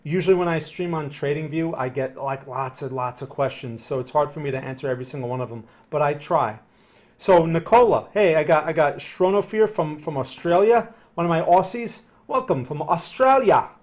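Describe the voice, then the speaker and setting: A man's voice: fairly high pitch, brisk, hardly any pauses. Chatty man walking through trading charts. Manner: conversational, thinking aloud, frequent "right?" and "okay?". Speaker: market analyst streaming a live Q&A. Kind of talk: casual live-stream chart analysis.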